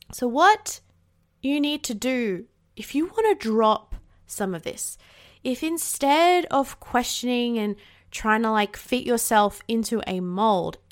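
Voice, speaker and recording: A woman's voice: a little high, a bit bright. An Australian woman hosting a casual solo podcast, bubbly and outspoken, swearing freely, with rising inflections at the ends of her sentences. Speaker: podcast host.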